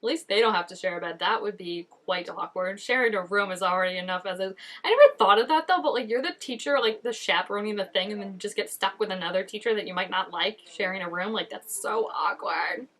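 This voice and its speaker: A chatty woman talks through a show she is watching. Her voice sits at an ordinary middle pitch, and she keeps up a loose, animated flow full of filler words. It sounds like a casual home recording on a camera mic. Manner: chatty, animated, many "like" fillers, quick laughs. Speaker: reaction video host. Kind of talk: casual reaction commentary. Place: indoors at home, changing daylight.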